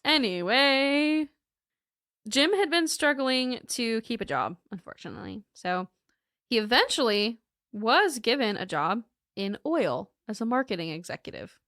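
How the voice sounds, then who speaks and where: A woman's voice: fairly high pitch, very animated, normal speed, a bit bright, no room sound, studio quality. A woman co-hosting a podcast, telling a true crime case in a casual, joking way and laughing often.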